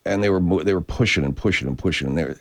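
Deep-voiced man rambling with heavy swearing. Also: rapid-fire. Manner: profane, digressive, frequent restarts. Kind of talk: casual rambling chat. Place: California.

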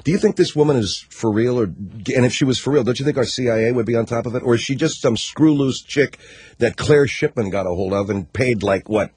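A man's voice: mid-range voice, a little fast, a little mellow, slightly rough, dry recording, clean studio sound. A man hosting a talk radio show, riffing sarcastically and mockingly on news stories.

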